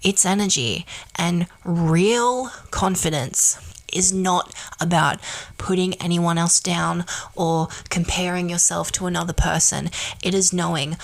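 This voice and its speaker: A woman hosts a podcast and delivers a motivational monologue in a low, gravelly voice. She talks bluntly and emphatically, swearing casually as she pushes her point. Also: steady tone, unhurried. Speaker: podcast host.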